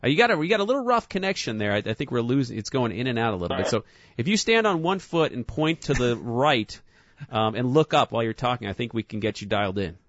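A man's voice: medium pitch, very animated, quick pace, a bit bright, no room sound. A man with a New York accent hosting a radio show, chatting casually and teasing his guests and callers. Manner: joking, teasing. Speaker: radio host. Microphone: studio microphone. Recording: slightly muffled dry studio sound.

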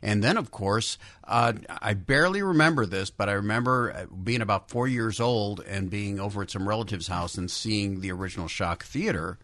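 A man's voice: on the low side, moderate pace, few pauses, a bit bright, no echo. A middle-aged man from the Chicago area, a guest on a radio show, telling jokey, self-mocking stories. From Chicago area, USA. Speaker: guest, TV horror host. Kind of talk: radio interview chat. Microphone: studio microphone.

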